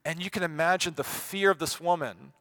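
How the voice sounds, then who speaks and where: Bright-voiced preacher swinging hushed to loud. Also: male voice, on the high side, a little fast. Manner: acts out quoted voices with sarcasm. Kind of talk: sermon.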